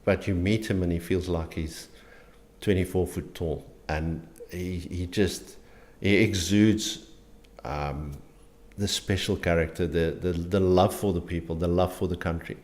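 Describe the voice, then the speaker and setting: A middle-aged man from South Africa with a South African accent, an interview guest speaking earnestly and haltingly, with frequent restarts. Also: deep voice, fairly even intonation, a little mellow. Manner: earnest, halting, many restarts and repeated words. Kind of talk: conversational interview.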